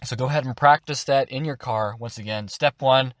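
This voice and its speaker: A young adult man explaining voice acting in a relaxed, instructive tutorial. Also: medium pitch, fairly quick, dry recording, studio quality. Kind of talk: casual tutorial.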